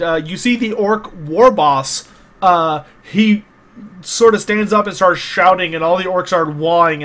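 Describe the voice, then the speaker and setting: A man's voice: on the high side, bright, forceful tone. A man narrating as game master of a tabletop game, loose and casual with lots of fillers and restarts.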